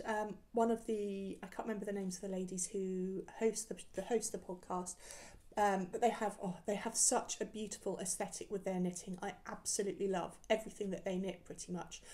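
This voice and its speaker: Warm in tone and medium in pitch, this woman's voice carries a casual knitting podcast where she talks about her projects, full of ums and restarts. She records on camera while showing her work.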